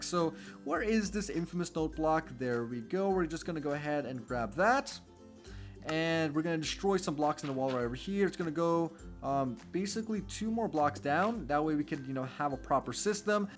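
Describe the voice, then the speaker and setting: A man's voice: sits high, a bit bright. A young man casually narrating a Minecraft building tutorial, chatty and full of fillers like "basically" and "go ahead". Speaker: Minecraft let's-play host.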